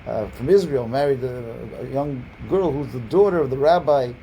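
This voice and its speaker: A man's voice: mid-range voice, moderate pace, highs cut off, slight background noise. A man teaching as a rabbi over a video call, telling a story in a rambling way, repeating words and restarting often. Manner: lifts his voice when quoting people. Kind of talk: storytelling lesson. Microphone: online video call.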